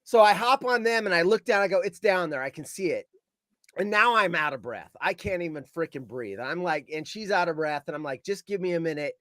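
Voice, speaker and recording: Man, high voice, animated storytelling, acts out shouted quotes, dry sound. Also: fairly quick, dry recording.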